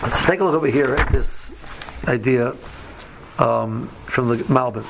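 A man's voice: medium pitch, measured pace, gravelly, background noise. A man giving a casual Torah lesson, telling stories with many fillers and mixing in Hebrew and Yiddish terms. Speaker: yeshiva teacher.

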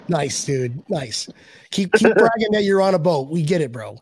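A man's voice: high-pitched, very noisy. A man hosting a podcast in casual chat, rambling and joking with many restarts. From Buffalo, USA. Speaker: podcast host.

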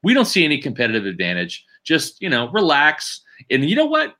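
A man's voice: fairly high pitch, wildly swooping pitch, fairly quick, sharp tone. A man hosting a sports podcast, talking emphatically and often checking for agreement with "right?", and thanking viewers for donations. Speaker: podcast host. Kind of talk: casual sports podcast chat.

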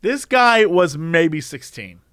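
Lively high-voiced young man telling stories. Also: slow, clear, resonant tone, dry recording, clean studio sound. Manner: animated, acts out people in shrill shouts. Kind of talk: casual storytelling chat.

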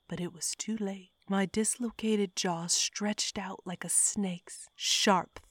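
A woman reads a horror story in a hushed, whispery way. Her voice sits fairly low, and the recording is close and dry. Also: no room sound. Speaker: narrator.

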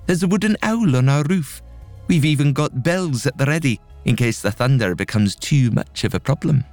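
A male narrator voicing an eccentric old woman who calmly explains her superstitious precautions. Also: medium pitch, normal speed, faint music behind, voice pushed up, lightly acted. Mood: smug.

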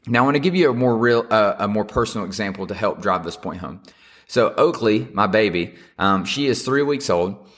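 A man's voice: on the low side, animated, fairly quick, fairly bright tone. A young man preaching a casual, conversational sermon as a pastor, earnest and encouraging, then praying. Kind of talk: casual sermon with closing prayer.

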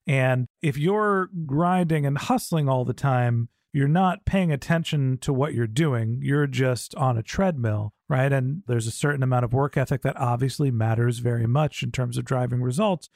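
A man's voice: medium pitch, moderate pace, few pauses, a little mellow, no room sound, clean studio sound. A man in his forties from Silicon Valley, hosting a podcast interview in a casual, joking, tongue-in-cheek way. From Silicon Valley, USA. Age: 40s. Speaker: podcast host.

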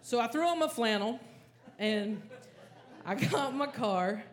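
A woman stand-up comedian, telling a story on a comedy club stage with lively, frantic acted-out panic. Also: on the high side, takes it slowly. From American South. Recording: audible live crowd ambience.

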